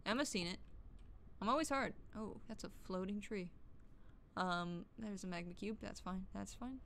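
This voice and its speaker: A woman's voice: mid-range voice, moderate pace, vocal fry, a bit bright, slight background noise. A woman streamer chatting casually through gameplay, joking and swearing to herself and yelping when startled. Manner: chatty, profane, jokey self-talk; jumpy, yelps when startled. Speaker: gaming streamer.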